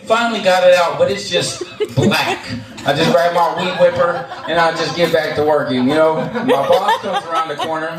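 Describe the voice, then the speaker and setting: A man's voice: fairly high pitch, normal speed, few pauses, a loud crowd. Rambling, profane young man telling stories. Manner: rambling and profane, with many fillers and restarts. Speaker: storyteller at a live show. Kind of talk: casual spoken storytelling. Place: live venue, on stage. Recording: echoey room, mic far off, faint noise.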